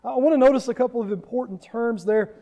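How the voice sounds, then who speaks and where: A Southern American man preaching with an earnest, explaining manner. His voice sits high for a man yet sounds dark and mellow. He often doubles a word at the start of a phrase as he works through his point. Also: fast. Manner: earnest, repeats words when starting a thought. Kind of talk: sermon.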